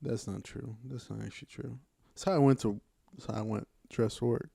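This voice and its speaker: A man co-hosting a casual podcast, cracking jokes and breaking into loud mock trash talk. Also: mid-range voice, steady tone, brisk, creaky, breathy edge, no echo, studio quality. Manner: joking trash talk, shouty bursts. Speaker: podcast co-host.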